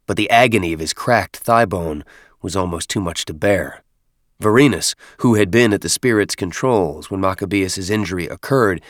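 Deep male narrator, measured dramatic read, close dry studio sound. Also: dry recording. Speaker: audiobook narrator. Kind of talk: scripted narration.

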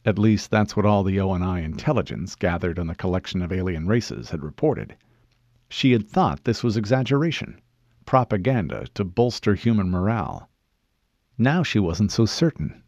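Speaking in a low-leaning voice, a man delivers audiobook narration that is measured and expressive. The recording sounds muffled, with no reverb at all.

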